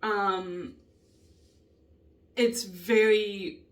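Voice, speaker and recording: A woman venting in a casual vlog, upset and emotional, frustrated and swearing a lot with halting ums. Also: mid-range voice, fairly even intonation. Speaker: vlogger. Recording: voice a bit distant from the mic.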